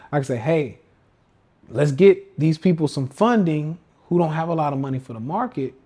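A man's voice: fairly high pitch, dark tone, slightly rough. A man hosting a casual livestream rant as a trading coach, slangy and emphatic, often repeating himself. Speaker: podcast host and trading coach.

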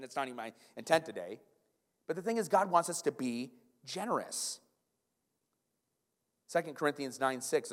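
Animated pastor in an echoing hall. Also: male voice, medium pitch. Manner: animated, stumbling restarts and repeated words. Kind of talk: sermon. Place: church sanctuary. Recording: long church hall reverb.

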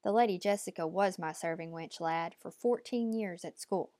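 A woman's voice: on the low side, normal speed, mellow, dry recording, natural voice. A woman voicing a stern, commanding old woman who gives clipped, imperious orders, in a dry, close recording.

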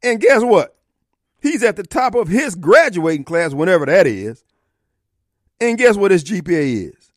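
A man's voice: high-pitched, sing-song, normal speed, long pauses, no echo, clean studio sound. A middle-aged man hosting talk radio, ranting in a combative, mocking, preachy way. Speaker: radio talk show host. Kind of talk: opinionated talk radio monologue. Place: radio studio.

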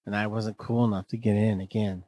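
A man's voice: on the low side, flat delivery, a little fast, dark tone, no room sound, poor audio. A man co-hosting a casual beer podcast, rambling with lots of fillers and slipping into jokey silly voices. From Fresno, California. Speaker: podcast co-host.

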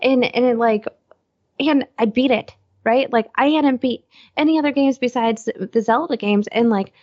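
A woman co-hosting and producing a podcast, chatting in a rambling, excitable way and acting out what people said. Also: on the high side, moderate pace, highs cut off. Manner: rambling, excitable storyteller who acts out quotes. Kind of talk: casual chat.

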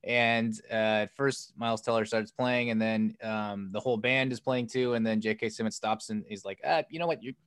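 Rambling low-voiced man chatting. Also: level tone, normal speed, few pauses, a bit bright, smooth, dry recording. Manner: loose and rambling, heavy use of "like" and "um"; acts out quoted lines with a lifted voice. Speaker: podcast co-host. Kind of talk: casual chat recounting a film plot.

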